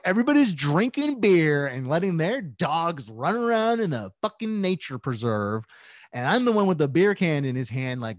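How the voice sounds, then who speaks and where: Rambling, profane man with a lively pitch. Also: no echo, clean studio sound. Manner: rambling, profane, self-mocking. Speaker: podcast co-host. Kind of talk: casual storytelling chat.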